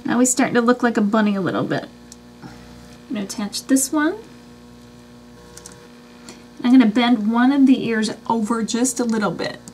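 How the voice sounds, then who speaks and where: A woman with a high, light voice walks through a craft project one step at a time, chatty and easygoing. A faint hum of room ambience sits under her voice. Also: normal speed, long pauses, a little mellow. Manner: chatty, explains each step as she works. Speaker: craft channel host.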